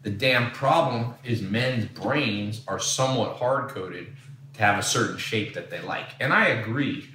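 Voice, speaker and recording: A man's voice: fairly low pitch, unhurried, pushed and bright, reverberant, far from the mic, a little hiss or hum. A man from San Diego telling blunt, rambling stories as a podcast host in casual chat. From San Diego, USA.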